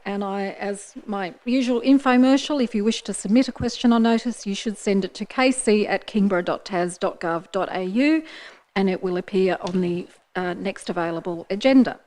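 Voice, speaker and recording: Through a rough recording, a medium-pitched, slightly mellow woman's voice is heard: she is the mayor, speaking into a desk microphone as she runs a formal council meeting in the chamber. She moves briskly through procedure, adding the occasional light aside.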